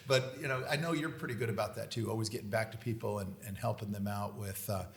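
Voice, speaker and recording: A man hosting a podcast, a relaxed, joking interviewer chatting casually. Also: fairly low pitch, brisk, gravelly. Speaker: podcast host.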